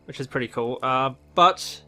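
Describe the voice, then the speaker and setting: An Australian man talks through game update news in an offhand, rambling way, often restarting his sentences. His voice is bright and forward. Faint music plays behind him. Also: mid-range voice, moderate pace. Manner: rambling, self-correcting, offhand. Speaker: gaming video host. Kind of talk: casual game-update commentary.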